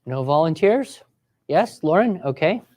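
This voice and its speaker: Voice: medium pitch, lively intonation, a little slow, a little mellow. A writing teacher leading a live classroom workshop, encouraging students and giving step-by-step directions. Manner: acts out sample voices for students.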